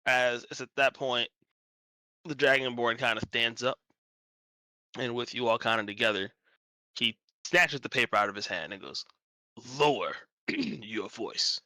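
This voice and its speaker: A man's voice: mid-range voice, steady tone, normal speed, pauses often, pushed and bright, clean tone, no room sound, poor audio. A man narrating as game master in a tabletop game stream, casual and rambling. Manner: rambling, casual, self-correcting.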